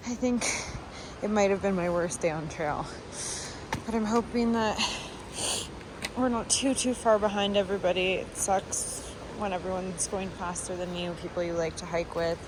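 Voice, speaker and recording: A woman's voice: mid-range voice, moderate pace. A woman hiker vlogging candidly outdoors on a mountain trail, venting her frustration in a plain, honest way. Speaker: long-distance hiker vlogging. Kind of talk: candid vlog to camera. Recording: outdoor noise behind the voice.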